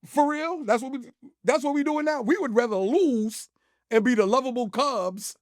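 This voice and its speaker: A man with a fairly high voice calmly pushes back in a sports argument, in a steady and measured way. His voice sounds dry and close, with no room echo. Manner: measured, repeats "it is what it is". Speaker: co-host. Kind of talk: sports debate.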